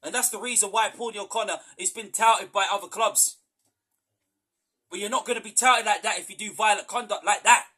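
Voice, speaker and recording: Man, very high voice, post-match fan rant, exasperated, repetitive, sometimes shouting. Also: fairly quick. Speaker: football fan podcast host.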